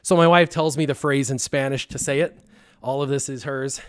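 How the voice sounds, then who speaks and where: A man on a live stream telling a long personal story in casual talk, acting out his own past lines with lively bursts. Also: medium pitch, moderate pace, smooth, dry recording, studio quality. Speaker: stream co-host.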